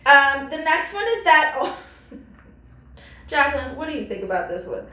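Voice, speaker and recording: A woman's voice: sits high, big pitch swings, normal speed, sharp tone, echoey room. A woman in her thirties co-hosting a comedy podcast, talking bluntly in casual slang with a lot of swearing. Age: 30s. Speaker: podcast co-host.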